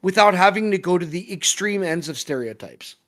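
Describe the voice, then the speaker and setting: A co-host in a casual review chat with a mid-range voice, ranting heatedly and swearing without restraint. The delivery is forceful and fired-up. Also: medium pitch, lively intonation, a little fast.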